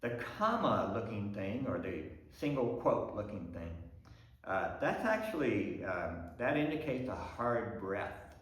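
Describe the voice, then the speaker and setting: A man, a pastor, teaching a Bible study lesson in an explanatory way, pausing with ums and restarting phrases. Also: lowish voice, very animated. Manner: explanatory, thinking aloud with frequent ums and restarts. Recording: very echoey room.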